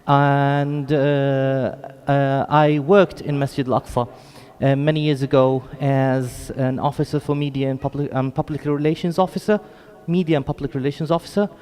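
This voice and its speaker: A guest lecturer from Jerusalem with a British-tinged English accent gives an earnest, chatty talk to a mosque audience, adding apologetic asides. His voice is mid-range, level and a little mellow, at a moderate pace, with the long echo of a large Islamic center hall.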